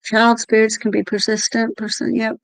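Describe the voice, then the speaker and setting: A middle-aged woman co-hosting a casual talk show, telling a story in an animated way with swearing. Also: a little high, normal speed, no room sound, low-quality recording. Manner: animated storytelling, swearing, repeated "I'm there like". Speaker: co-host. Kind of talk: casual chat about paranormal experiences.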